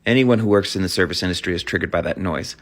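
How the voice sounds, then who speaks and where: A man who once waited tables in nightclubs, telling a story in a dry, deliberate way. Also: low-pitched. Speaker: former nightclub server. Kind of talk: casual storytelling.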